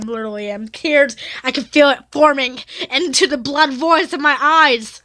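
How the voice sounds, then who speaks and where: A woman's voice: high-pitched, a little slow, hardly any pauses, sharp tone, no echo. A woman YouTuber reading fan fiction aloud, stumbling over and correcting the words and breaking off to react with dramatic exclamations. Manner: stumbles and corrects herself often.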